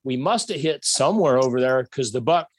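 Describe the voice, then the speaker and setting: A man telling a hunting story in a casual, animated way, acting out shots and bits of dialogue. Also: mid-range voice, fairly quick, husky, dry recording.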